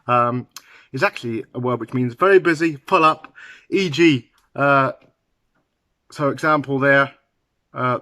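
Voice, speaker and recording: A man teaching English idioms to learners, talking slowly and halting now and then with fillers and restarts. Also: mid-range voice, bright, forceful tone, dry recording, clean studio sound.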